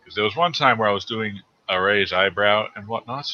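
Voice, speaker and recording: A man on a voice actor panel, chatting casually and telling an animated story. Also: on the low side, a little fast, lo-fi sound, slight background noise. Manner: animated storyteller, acts out quotes.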